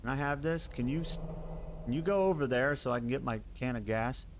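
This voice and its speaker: A man streaming live gameplay, chatting casually with his viewers, quick to laugh and curse at what happens on screen. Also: mid-range voice, slight background noise. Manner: excitable, laughs and swears at the game.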